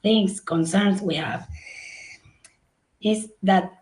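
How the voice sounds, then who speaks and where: A woman's voice: mid-range voice, extremely slow, darkish tone, poor audio. Latin American woman moderating a session. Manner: polite, hesitant. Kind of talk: moderating a live online session.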